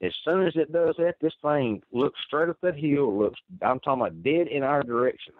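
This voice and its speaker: A man's voice: a little high, normal speed, no room sound. A man telling a first-person story, rambling and earnest with many restarts. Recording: tinny phone line.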